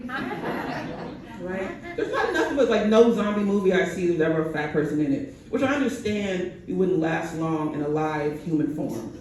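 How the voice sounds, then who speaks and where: A woman performing a stand-up comedy set on a bar stage, with a deadpan delivery that keeps tagging jokes with "right?". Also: lowish voice, normal speed, slight background noise. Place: bar stage in front of a crowd. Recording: echoey room, mic heard from a distance.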